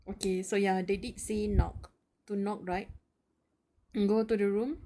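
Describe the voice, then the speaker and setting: Anxious young woman streamer, slow delivery. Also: mid-range voice, little pitch movement, mellow. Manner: anxious and emotional, nervous laughs and sighs; slangy, calls viewers bro and dude. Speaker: live-stream reader. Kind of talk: live reading of a web novel with reactions. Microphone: close mic, audible breathing.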